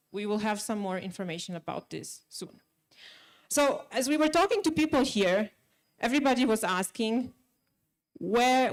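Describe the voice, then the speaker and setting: A young woman from Germany, giving a conference talk in a large hall, friendly and hesitant with many fillers and restarts. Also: medium pitch. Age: young adult. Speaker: conference speaker. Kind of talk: conference presentation.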